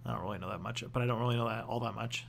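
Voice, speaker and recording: A young adult man hosting a casual livestream Q&A, answering viewer questions in a rambling, halting way with constant restarts and the odd swear word. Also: lowish voice, gravelly, fairly bright tone, a little hiss or hum. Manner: loose and profane.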